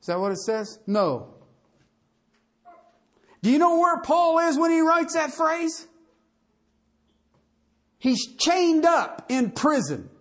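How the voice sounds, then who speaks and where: A preacher delivering a sermon in an animated, folksy way, firing off rhetorical questions to the congregation. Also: high voice, takes it slowly, pauses often.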